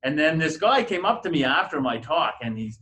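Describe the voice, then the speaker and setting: A man's voice: fairly high pitch, big pitch swings, brisk, bright, forceful tone, rough recording. A middle-aged man speaking on a conference panel, telling his story in a hesitant, conversational way with many fillers and restarts. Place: university conference room.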